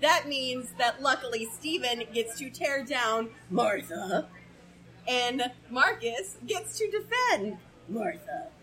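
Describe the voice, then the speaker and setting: A woman's voice: fairly high pitch, animated, slow, sharp tone. A woman moderating a casual comedic debate in a playful, laughing way.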